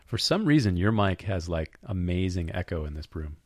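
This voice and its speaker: Hoarse man co-hosting a chat show. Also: deep voice, very animated, moderate pace, dry recording, studio quality. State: hoarse, recovering voice. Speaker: podcast co-host. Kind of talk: casual chat.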